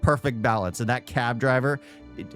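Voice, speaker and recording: A man talks through his reaction to a video in a loose, offhand way. He restarts sentences and echoes his own phrases back. His voice sits at an ordinary middle pitch. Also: normal speed, fairly bright tone, faint music behind. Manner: rambling, opinionated. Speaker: YouTube reactor. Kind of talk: casual reaction commentary.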